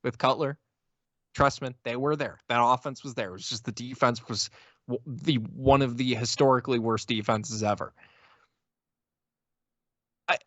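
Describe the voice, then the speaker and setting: A man's voice: mid-range voice, sharp tone, no room sound. A man co-hosting a casual sports podcast, talking in exasperated rants full of stammering restarts. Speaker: podcast co-host.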